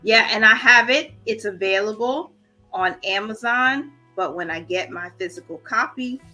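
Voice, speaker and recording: Female budgeting host on a casual livestream, bright tone, emotional, holding back tears, faint music underneath. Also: mid-range voice, moderate pace. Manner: warm, encouraging, reads viewer comments aloud. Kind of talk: casual livestream chat with viewers.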